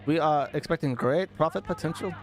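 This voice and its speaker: A man's voice: a little high, fairly quick, close to an everyday voice. A man putting on an Indian accent to voice a stiff, overly formal male corporate letter writer.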